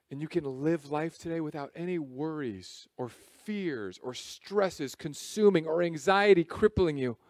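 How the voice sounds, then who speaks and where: A man preaching a sermon as pastor, in a lively, conversational way with jokes. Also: mid-range voice, no echo, studio quality. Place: church service.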